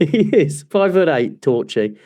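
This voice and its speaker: Brief: male podcast co-host with a Midlands accent, slightly high voice, dry close sound, jokey and profane. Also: moderate pace, no echo. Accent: English Midlands, Nottingham area. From England. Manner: sweary, jokey, animated storytelling. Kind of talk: casual chat.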